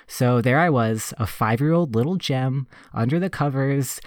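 A man in funeral service casually telling a personal story on a podcast, reflective and relaxed, full of "like" and "you know". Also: medium pitch, normal speed, no room sound, studio quality.

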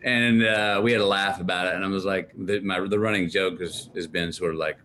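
A man in his fifties with a Texan accent, a guest in a casual interview who tells stories with animated voices and frequent laughter. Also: sits low, fairly quick, slight background noise. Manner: animated storyteller, laughs often, acts out quoted voices. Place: his home.

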